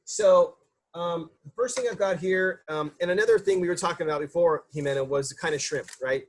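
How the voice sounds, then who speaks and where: A man's voice: a little high, fairly quick. A man, a chef, giving a casual cooking demonstration in a loose, chatty way with lots of fillers and restarts.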